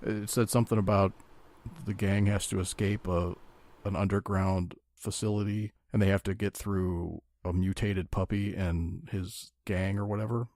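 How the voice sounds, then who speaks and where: A man's voice: low voice, steady tone, moderate pace, darkish tone, no echo, clean studio sound. A man co-hosting a comic-book podcast in casual chat, explaining his points at length. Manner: explanatory, rambling with restarts. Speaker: podcast co-host.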